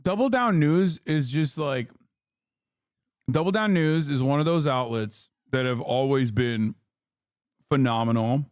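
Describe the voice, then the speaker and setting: A man's voice: mid-range voice, measured pace, long pauses, no room sound, studio quality. Blunt, exasperated male streamer. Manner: blunt, exasperated, swears freely. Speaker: streamer reacting to a video. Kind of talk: casual livestream commentary.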